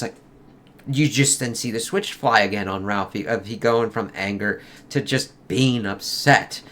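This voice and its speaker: A man's voice: mid-range voice, fairly bright tone. A man giving a casual, rambling movie review, swearing freely and acting out quotes in a raised voice.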